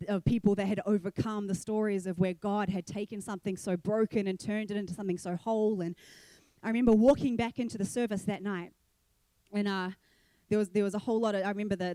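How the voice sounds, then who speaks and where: A young woman speaker giving a sermon, telling her own story in an animated way and acting out the voices of people she quotes. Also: mid-range voice, no room sound. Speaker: guest speaker.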